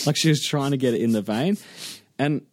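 A man's voice: mid-range voice, moderate pace, no room sound. A man tells a hospital story in loose podcast chat. He swears freely and acts out each person in it, his voice leaping up for the quoted lines. The sound is close and dry. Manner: animated, swears a lot, acts out quotes in raised voice. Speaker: podcast co-host.

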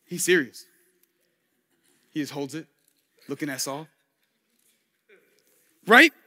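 A man's voice: on the high side, big pitch swings, slow, sharp tone, big-room sound. A man preaching a casual, story-driven sermon with slang and jokey asides in a church.

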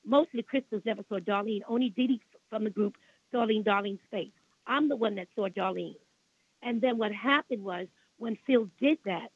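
Speaking as a radio interview guest, this older Brooklyn woman rambles through long stories, going over the same points again and grumbling indignantly about bygone days. Her voice sits a little high with a slight roughness, and the call audio is tinny.

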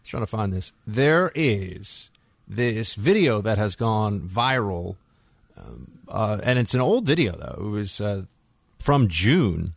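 A man hosting a talk radio show, telling stories in an animated, conversational way into a studio microphone. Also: fairly low pitch, slow pace, gravelly, no echo.

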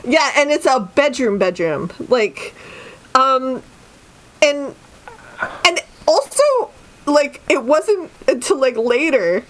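A woman's voice: high voice, big pitch swings, slow, long pauses, a bit bright. A woman co-hosting a podcast in a casual book discussion, rambling and sardonic, swearing freely. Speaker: podcast co-host.

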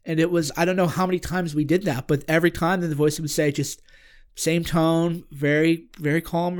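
His voice is somewhat higher, clear and resonant, with fairly even intonation, as he relates a personal story in casual podcast talk. He comes across as earnest and searching, regularly halting and restarting mid-sentence in search of the right words.

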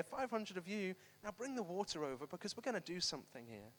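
A man preaching a sermon to a congregation, animated and emphatic, repeating phrases for effect. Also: sits high, fast, in a large hall. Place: church hall with congregation, also streamed online.

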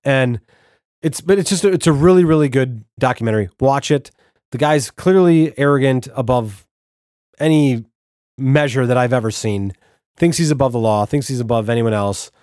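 A man's voice: mid-range voice, normal speed, a little mellow, dry recording, studio quality. A man hosting a solo podcast, ranting profanely and with exasperation, with many restarts. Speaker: podcast host.

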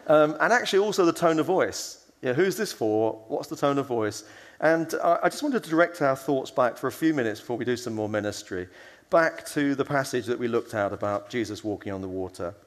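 Heard in a large hall, this man's mid-range voice carries a conversational conference sermon. He tells stories, acts out quoted voices, and talks with fillers and restarts.

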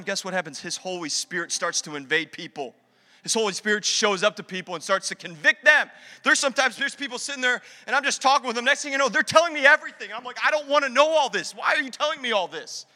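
Man, pastor, sermon, high voice, conversational, reverberant hall. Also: fast talker. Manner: energetic, conversational preaching with acted asides.

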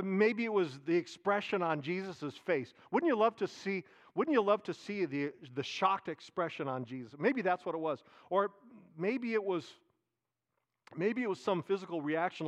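Guy preaching a sermon, high voice, gets loud then goes real quiet, repeats himself a lot. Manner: animated preaching, repeats phrases, drops to soft asides. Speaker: pastor.

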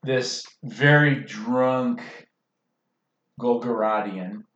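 A man narrating as game master of a tabletop game, unhurried with dry humor. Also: medium pitch, a bit bright. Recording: echoey muffled room mic.

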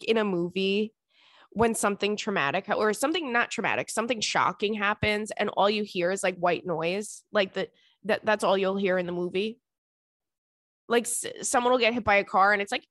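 Young woman, podcast host, chatty storyteller, laughs a lot, fairly high voice, dry close mic. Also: dry recording. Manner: chatty, animated, laughs often. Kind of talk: casual storytelling to listeners.

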